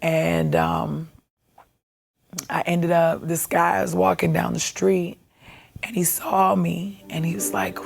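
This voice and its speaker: A woman candidly recounting her own life in a documentary, halting and reflective, with music behind her. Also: on the low side, little pitch movement, vocal fry. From Baltimore, USA. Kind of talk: personal documentary testimony. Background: background music.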